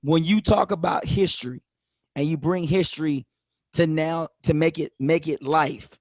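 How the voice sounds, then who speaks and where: A man's voice: a little high, moderate pace, a little mellow, no echo. A man hosting an interview show, talking in long emphatic runs with many restarts. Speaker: show host. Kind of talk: conversational interview.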